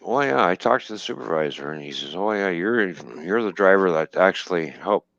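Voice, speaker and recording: Male trucker, low voice with a wide swing, salty casual storyteller, dry lo-fi mic. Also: fairly quick, vocal fry, dry recording. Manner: profane, laughing, animated retelling with quoted dialogue. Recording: dull lo-fi dry stream audio.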